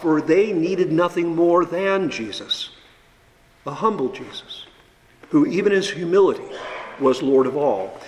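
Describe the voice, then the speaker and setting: A man's voice: fairly high pitch, big-room sound, poor audio. A male pastor preaching a sermon in a church, emphatic, with rhetorical questions and repeated refrains. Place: church sanctuary.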